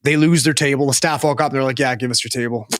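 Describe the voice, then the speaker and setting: A man's voice: mid-range voice, fairly even intonation, fast talker, a bit bright, no echo. A young man from Western Canada, co-hosting a podcast and telling a rambling, sweary story in a casual chat, on a close mic. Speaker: podcast co-host.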